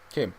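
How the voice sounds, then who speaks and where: A young man, chatting casually and haltingly with viewers while drawing on a livestream. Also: a little mellow, a little hiss or hum. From Canada. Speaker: streamer drawing live.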